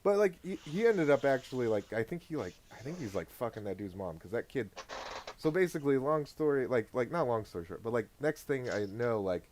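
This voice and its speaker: A man's voice: medium pitch, expressive, fairly quick, darkish tone, slight background noise. A man in his thirties co-hosting a podcast, rambling through a story with lots of filler words and swearing. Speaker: podcast co-host. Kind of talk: casual podcast chat.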